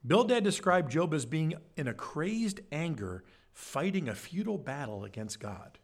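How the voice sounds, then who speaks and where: A man's voice: big pitch swings, normal speed. A man preaching a Bible-study sermon, conversational, with frequent "right?" asides and acted-out quotes. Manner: acts out quoted speech with shifts in pitch. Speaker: pastor.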